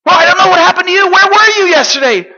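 A man voicing an excited young village boy who talks breathlessly and sounds amazed. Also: very high-pitched, fast talker, voice pushed up, full character voice. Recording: dull lo-fi recording.

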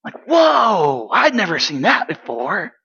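An excitable eight-year-old village boy, played by a grown man, tells his tale in a very high, bright voice with a husky edge. He chatters eagerly and slips into hushed, secretive asides. The recording sounds dull and lo-fi. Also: slow, heavily acted. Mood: wide-eyed excitement. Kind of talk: dramatic first-person monologue.

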